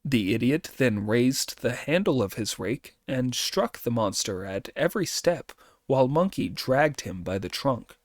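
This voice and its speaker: A male audiobook narrator reading with a lively, rising and falling pitch. He keeps an unhurried pace, and the recording is close and dry. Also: dry recording.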